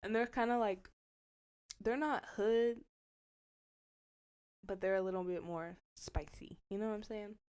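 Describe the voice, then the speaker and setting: A woman's voice: mid-range voice, measured pace, pauses often, clear, resonant tone. Young woman telling a wild story. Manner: animated storytelling, acts out quotes, frequent swearing and slang. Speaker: podcast co-host. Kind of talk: casual storytelling chat.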